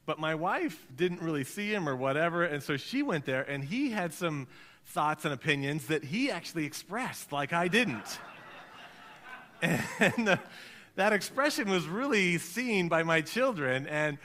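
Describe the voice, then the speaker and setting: A man preaching a sermon as pastor, telling stories in an animated way and acting out the voices of the people in them. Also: on the high side, a little slow. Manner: storytelling, animated, acts out quoted voices. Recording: reverberant hall.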